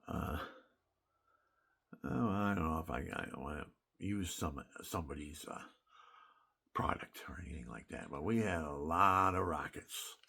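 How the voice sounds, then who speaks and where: A man's voice: low-pitched, creaky, a bit bright, breathy edge. An older man, a military veteran, telling war stories in a rambling, emphatic spoken monologue that wanders and restarts.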